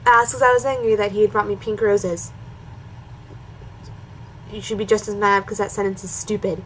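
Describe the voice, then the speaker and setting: A woman's voice: medium pitch, steady tone, moderate pace, slight background noise, poor audio. A woman doing a comedic dramatic reading of a bad story, breaking off for sarcastic asides. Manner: sarcastic, mocking, switches between reading and snarky asides. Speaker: reaction video host.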